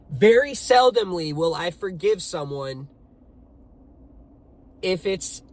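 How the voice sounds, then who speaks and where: A young man casually telling his own story, swearing often and speaking with heavy emphasis. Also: high-pitched. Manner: profane, emphatic, animated retelling.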